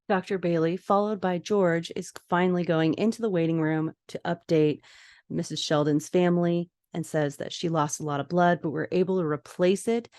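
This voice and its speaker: A woman podcast host narrating an episode recap scene by scene, with lively asides of her own. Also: low-pitched, no echo. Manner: vivid scene-by-scene retelling with asides.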